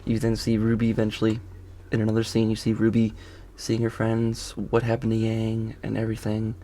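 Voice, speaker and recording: Low gravelly man, rambling review. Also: monotone, brisk, mellow, a little hiss or hum. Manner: rambling, self-correcting recap. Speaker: video reviewer. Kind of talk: casual spoken review. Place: outdoors on a golf course.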